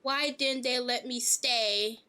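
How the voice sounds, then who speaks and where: A woman's voice: on the high side, steady tone, slow, sharp tone, clean tone. A woman streamer reacting live to gameplay with emotional, profane outbursts.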